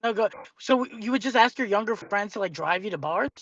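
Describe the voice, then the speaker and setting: A man in his thirties co-hosting a casual show, joking with deadpan absurd humor. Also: high-pitched, quick pace, no room sound, highs cut off. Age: 30s. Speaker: co-host. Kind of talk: casual podcast chat.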